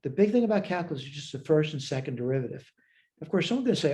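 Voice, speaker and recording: A man with a mellow, darker tone walks through a math lecture step by step. He thinks aloud and checks his own work as he goes. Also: on the high side, lively intonation, rapid-fire. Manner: talks through worked steps aloud, self-checking. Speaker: math instructor.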